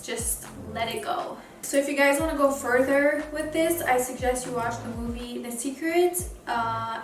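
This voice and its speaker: Earnest woman vlogger in a roomy space. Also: fairly high pitch. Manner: earnest and encouraging. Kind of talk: casual motivational vlog talk. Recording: roomy echo, distant mic, faint music.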